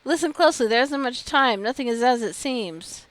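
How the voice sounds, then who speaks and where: Girl putting on a high frantic sink guy, all flustered and dramatic, dry sound. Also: animated, moderate pace, a bit bright, no echo. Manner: dramatic, theatrical, exclaiming. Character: frantic sink-headed man, flustered comic.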